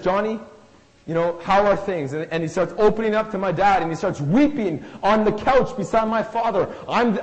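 A man with a high voice preaches with earnest emphasis, stumbling over and repeating words as he presses his point. His voice rings out with a long reverb, like in a church hall. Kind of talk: sermon with personal story.

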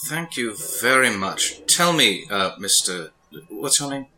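A man's voice: medium pitch, sing-song, measured pace, sharp tone, a little hiss or hum, poor audio. A man playing a tabletop game, asking playful in-character questions and cracking jokes. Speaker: player.

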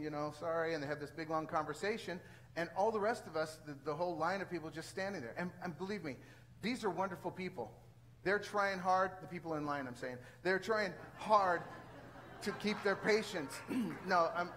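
An older man preaching a sermon, telling a personal story in an animated way with exasperated outbursts and frequent throat clearing. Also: sits high, rough recording. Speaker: pastor.

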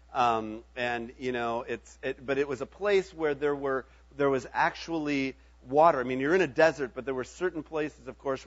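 A man's voice: mid-range voice, muffled recording. A middle-aged man preaching a sermon in a conversational way, often checking in with his listeners. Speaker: pastor.

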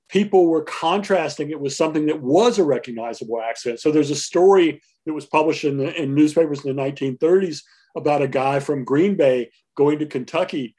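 A man's voice: fairly high pitch, darkish tone, breathy edge. A man answering interview questions as a linguist, explaining carefully with frequent filler words. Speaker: linguist guest.

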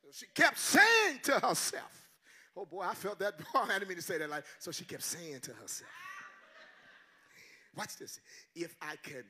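An older man preaching a sermon as a guest pastor, shouting in call-and-response. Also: high-pitched, sing-song, unhurried, pauses often.

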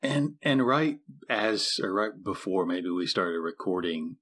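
Deep-voiced joking podcast co-host. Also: male voice, lively intonation, a little slow, fairly bright tone. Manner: jokey, laughs a lot. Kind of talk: casual podcast chat.

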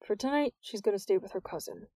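A woman narrator voicing a curt, unconcerned middle-aged police sergeant who speaks in a flat, clipped, dismissive way. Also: medium pitch, fast, lightly acted.

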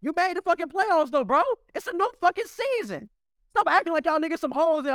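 A man in a heated casual sports argument, loud and profane, repeating himself insistently. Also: very high voice, lively intonation, fast talker, dry recording, studio quality. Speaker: sports debater.

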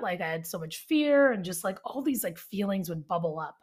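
On her own podcast, a young life coach talks in a relaxed, chatty way at a normal speed, her pitch sitting on the low side. She's lively, using plenty of fillers and performing quotes as she goes.

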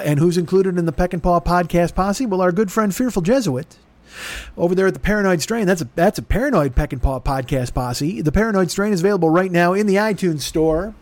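A man with a fairly high voice rambles through a podcast plug, swearing freely and mocking himself as he talks in circles. His voice is close and dry on the microphone. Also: a little mellow, no echo. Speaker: podcast host. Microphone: studio microphone.

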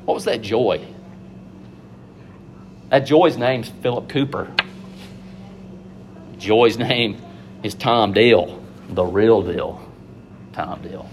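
A man preaching a sermon, animated and conversational, acting out biblical figures in quick asides. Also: lowish voice, slight background noise.

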